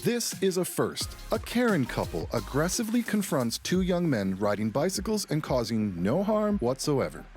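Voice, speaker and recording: A man narrates a clip compilation in a scripted, mocking tone. His pitch moves up and down a lot as he reacts to each clip. Faint music plays under his voice. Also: big pitch swings, normal speed, hardly any pauses, darkish tone. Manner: mocking, exasperated. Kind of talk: scripted commentary.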